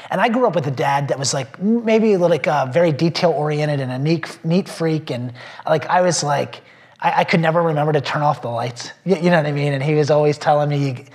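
Earnest male pastor, slightly high. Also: fairly quick, darkish tone. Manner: earnest, rambling, with many fillers and restarts; emotional when telling faith stories. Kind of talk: personal testimony in a small group.

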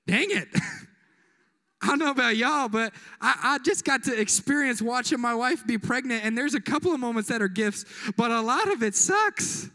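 A man's voice: very high-pitched, creaky, pushed and bright. A young man preaching a casual, joking sermon as youth pastor, full of slang and asides. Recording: echoey hall.

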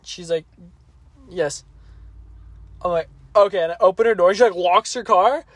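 A man's voice: sits high, normal speed, dry recording. A man co-hosting a podcast, telling a long work story in casual, profane, rambling chat. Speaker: podcast co-host.

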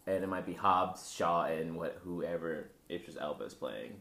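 A man co-hosting a podcast in a casual chat, animated and jokey, often trailing off. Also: sits low, normal speed, creaky. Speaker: podcast co-host. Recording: roomy echo.

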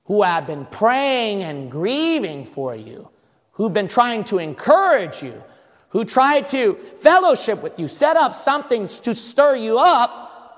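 High, lively preaching man in an echoey hall. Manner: fervent preaching with rhetorical questions to the congregation. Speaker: pastor. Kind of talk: sermon.

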